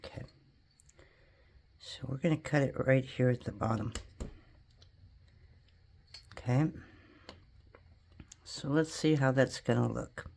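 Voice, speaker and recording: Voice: mid-range voice, slow pace, gravelly, pauses often, a little mellow. Chatty home crafter talking through a clay project. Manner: chatty, self-deprecating, talks to viewers while working. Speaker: polymer clay craft tutorial host. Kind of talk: casual thinking-aloud craft demonstration.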